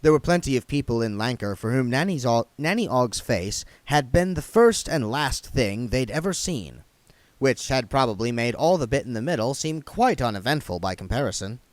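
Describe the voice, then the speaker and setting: A man reading a novel aloud, with lively pitch that rises and falls through the sentences. His voice sits in a middle register and sounds dry and close. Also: normal speed, no echo. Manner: expressive, lively narration. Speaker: reader.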